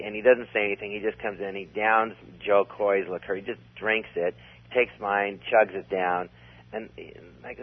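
A man's voice: fairly low pitch, fairly even intonation, a little fast. A man telling a long story in a casual, rambling way, full of restarts. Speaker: comedian guest. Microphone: phone. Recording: tinny phone line.

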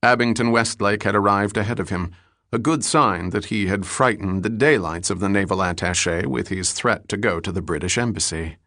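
Male narrator, low voice, measured reading, dry close recording. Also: fairly bright tone, no room sound. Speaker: audiobook narrator. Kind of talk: scripted narration.

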